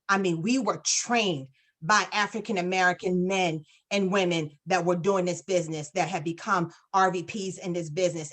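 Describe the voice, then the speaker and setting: A woman talks over a video call in a casual, effusive way, piling on praise and quoting herself as she goes. Her voice sits at an ordinary middle pitch. She tells stories with lots of fillers and restarts. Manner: effusive, animated storytelling with many fillers. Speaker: guest speaker on a business call.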